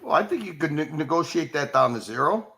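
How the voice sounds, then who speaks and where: A man's voice: fairly high pitch, animated, brisk, vocal fry, pushed and bright. A man chatting casually on a livestream in an easygoing way.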